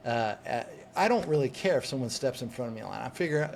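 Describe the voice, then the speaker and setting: A man, a coach and podcast guest, telling a personal story in an animated way, acting out what people said and restarting words as he goes. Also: medium pitch, quick pace, creaky, slight background noise. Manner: lively, acts out quoted voices, restarts words.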